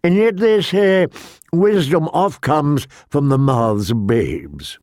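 A scheming courtier purrs each phrase slowly and silkily, with insinuating sweetness as a man puts him on. The voice is close and dry. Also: on the high side, lively intonation, darkish tone, no room sound. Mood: sly.

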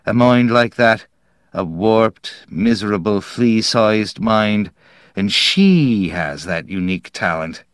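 A male narrator voices a bitter schemer who mutters with dry sarcasm. The voice sits low and unhurried in a dry, close recording. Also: lively intonation, clean tone, no room sound. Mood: sardonic. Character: bitter, scheming man, grim and sardonic.

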